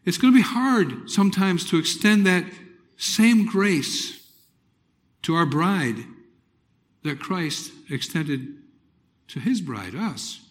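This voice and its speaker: A middle-aged man preaching a personal testimony, telling it dramatically with loud exclamations and hushed, near-whispered moments. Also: high voice, animated, slow, long pauses. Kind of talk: sermon testimony.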